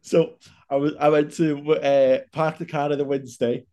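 A young man, a fitness coach co-hosting a casual chat, swearing freely as he tells an animated story. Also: fairly high pitch, moderate pace. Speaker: fitness coach, podcast co-host.

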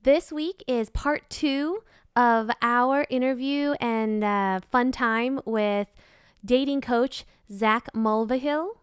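A woman co-hosting a podcast in casual chat, chatty and playful, quick to laugh. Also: a little high, clean tone, no room sound, studio quality. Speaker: podcast co-host.

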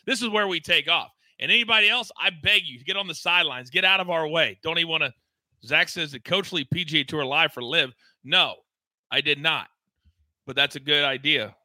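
Man, sports show host, high voice, very bright tone, dry studio sound, hyped and emphatic. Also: no echo. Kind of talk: energetic sports betting show chat.

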